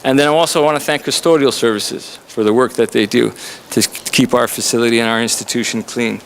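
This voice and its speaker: In a college lecture room, a Canadian instructor introduces a visiting author with a chatty, joking speech. His medium-pitched voice is gravelly, steady, a bit bright, and fairly quick, with a little hiss or hum on the recording.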